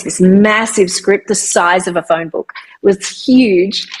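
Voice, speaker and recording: A middle-aged woman with an Australian accent, a voiceover artist and singer-songwriter, telling her story in a lively, animated interview. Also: fairly low pitch. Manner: animated, lively retelling of anecdotes.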